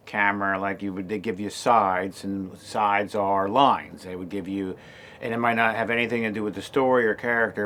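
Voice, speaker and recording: An older man in his sixties recounts his own path in a relaxed, conversational way. His voice sits a little low. He rambles, restarts sentences and fills pauses with ums and you-knows. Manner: rambling, many fillers and restarts. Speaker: actor and creator telling his story. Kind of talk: casual personal storytelling.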